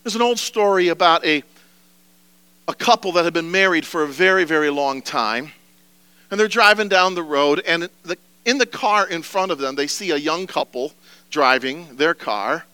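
Male pastor, earnest sermon delivery, high tenor, crisp and bright, dry room. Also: expressive, moderate pace, no echo. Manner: earnest, preacherly, rising to emphatic pleas.

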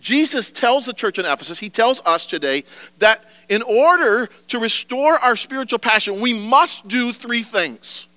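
Male pastor, earnest sermon delivery, high tenor, crisp and bright, dry room. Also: lively intonation, moderate pace, dry recording. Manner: earnest, preacherly, rising to emphatic pleas.

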